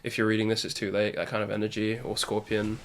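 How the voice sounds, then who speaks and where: A man's voice: on the low side, monotone, fast talker. A man co-hosting a casual music podcast, rambling and hesitant with frequent "um" and restarts. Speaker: podcast co-host. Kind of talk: casual music review chat.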